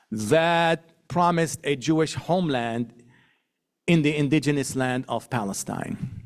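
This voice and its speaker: A middle-aged man giving a public talk to an audience, emphatic, building points through repetition and lists, slowing down to stress key words. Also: on the high side. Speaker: guest speaker.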